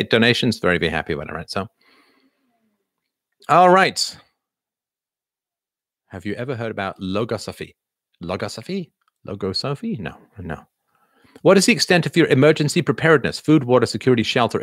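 A man's voice: deep voice, a bit bright, dry recording, studio quality. A man hosting a casual livestream, answering viewer questions while thinking aloud with many fillers.

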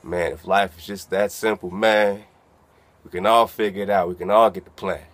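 A man's voice: low voice, steady tone, normal speed, fairly bright tone, no echo. A man doing a loose, profane freestyle rap and dropping "man" into nearly every line. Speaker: freestyle rapper. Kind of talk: freestyle rap over a beat. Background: instrumental beat.

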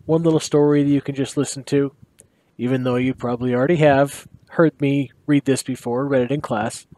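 A man, a teacher, reading a short story aloud in his basement, in a relaxed and lively way with dry humor. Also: mid-range voice, dry recording. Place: home basement.

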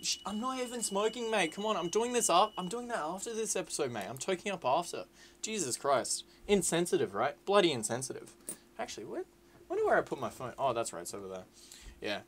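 A young man giving casual, sweary commentary over his own gameplay, rowdy and excitable, slipping into loud whiny outbursts and then low mumbling asides. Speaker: gaming YouTuber. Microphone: desk mic with webcam.

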